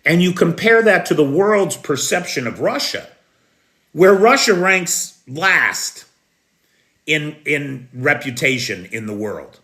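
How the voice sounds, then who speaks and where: A man's voice: on the high side, big pitch swings, slow pace, pushed and bright. An American man hosting a live news stream and answering viewers, talking in an emphatic, indignant way with sarcastic turns. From United States.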